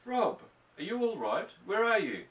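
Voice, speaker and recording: A man voicing an anxious ranch wife and mother, speaking softly and with worry. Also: mid-range voice, animated, measured pace. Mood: worried. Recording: roomy, distant mic.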